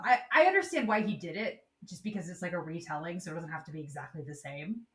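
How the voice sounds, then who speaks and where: A woman's voice: lowish voice, lively intonation, fast, hardly any pauses, reverberant. A woman co-hosting a casual book discussion, chatty and thinking aloud with lots of fillers. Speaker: podcast co-host.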